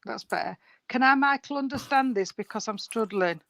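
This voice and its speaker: A woman's voice: fairly high pitch, normal speed, gravelly, fairly bright tone, no room sound, rough recording. A woman working as a spiritualist medium, chatty and rambling, calling people sweetheart and darling as she gives a reading over a video call. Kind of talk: live mediumship reading at an online service.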